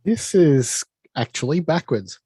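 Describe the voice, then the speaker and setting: A man's voice: a little high, very animated, measured pace, warm tone, slightly rough, no echo, studio quality. A man who works as a director, speaking as a panelist on a video call in a direct, explanatory way. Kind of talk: casual panel discussion.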